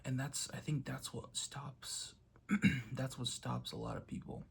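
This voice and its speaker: A man's voice: medium pitch, fairly even intonation, a little slow, vocal fry, a little hiss or hum. A young man talking casually to camera in a motivational vlog, telling a story and acting out quotes. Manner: storytelling, acts out quotes loudly. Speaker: vlogger.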